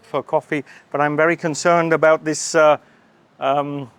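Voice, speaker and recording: A man's voice: a little high, flat delivery, measured pace, fairly bright tone, smooth. A man hosting a casual travel food vlog outdoors at a street stall, chatty and cheerful, laughing often and talking while he eats. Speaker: travel vlogger.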